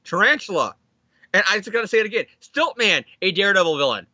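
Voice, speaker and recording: A man co-hosting a casual comic book chat, excitedly acting out characters as he recaps the story. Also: high voice, quick pace, dry recording, dull audio. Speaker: podcast co-host.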